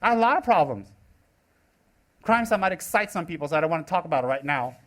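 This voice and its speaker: High-voiced teasing man giving a talk. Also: fast talker. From United States. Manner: teasing, sarcastic, animated delivery. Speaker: Buddhist teacher. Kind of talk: live dharma talk.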